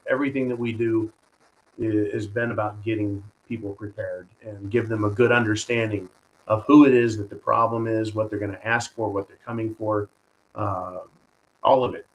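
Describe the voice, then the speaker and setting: The host of a live stream show, a man with a fairly low voice, offers combative political commentary and reads out viewer donations, often addressing his audience with "folks" and "right?" The audio quality is poor.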